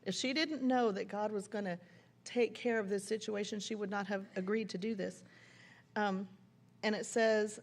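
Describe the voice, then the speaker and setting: A woman's voice: medium pitch, normal speed. Woman preaching at a church conference. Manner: animated, laughs while telling stories. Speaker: women's conference speaker. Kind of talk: sermon with scripture reading and storytelling.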